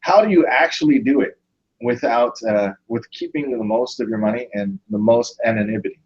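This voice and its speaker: A man hosts a relaxed video-call chat at a middle pitch. He works through his points with restarts and small pauses. The sound is slightly muffled and lo-fi. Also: slightly rough. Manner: thinks aloud with restarts. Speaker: host. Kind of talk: casual chat.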